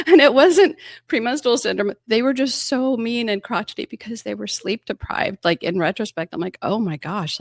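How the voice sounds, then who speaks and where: A woman in her fifties talks as an interview guest with a low, gravelly voice. She tells her stories animatedly, acting out the quoted dialogue and laughing often. The sound is dry, with no room echo. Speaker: emergency room physician guest. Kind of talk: casual storytelling interview.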